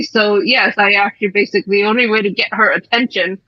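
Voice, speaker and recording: A woman's voice: mid-range voice, steady tone, fast talker, dry recording. A woman playing a tabletop game, talking casually and laughing between lines. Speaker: player. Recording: dry, dull lo-fi mic.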